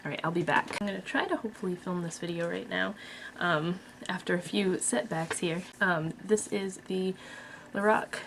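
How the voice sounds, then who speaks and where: A woman's voice: fairly low pitch, moderate pace, creaky, hardly any pauses, background noise. A woman vlogger casually reviewing a makeup palette, chatty and blunt with frequent fillers. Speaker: beauty vlogger.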